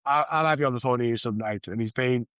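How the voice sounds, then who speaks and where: A co-host talks at a middle pitch, laughing often and adding quick reactions to the conversation. The sound is a little muffled and lo-fi, and dry, with no room echo. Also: fairly bright tone, clean tone. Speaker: podcast co-host. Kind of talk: casual chat.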